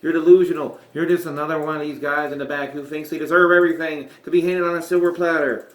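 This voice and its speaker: A man's voice: fairly high pitch, fairly even intonation, quick pace, pitched above the performer's own voice, lightly acted. A man doing a snarling old wrestling boss. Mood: scolding. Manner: snarling, scolding rant. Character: angry older male wrestling commissioner. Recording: roomy echo.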